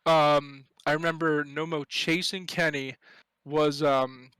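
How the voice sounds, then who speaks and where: A man's voice: a little high, level tone, slow pace, a bit bright, clear, resonant tone, no room sound, low-quality recording. A young man co-hosting a podcast, telling stories with lots of swearing and laughter. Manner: profane, laughing storyteller. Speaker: podcast co-host. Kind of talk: casual storytelling chat.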